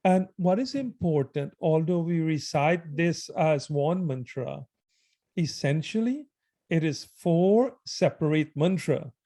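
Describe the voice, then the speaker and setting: Male mantra teacher, high mellow voice, unhurried and reverent, devotional guidance. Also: expressive. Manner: slow and reverent. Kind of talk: devotional prayer and chanting instruction.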